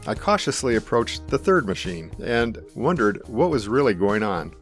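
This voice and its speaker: A middle-aged man calmly and earnestly narrating his own life-or-death experience in the first person. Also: medium pitch, normal speed, faint music behind. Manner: calm, earnest, reflective.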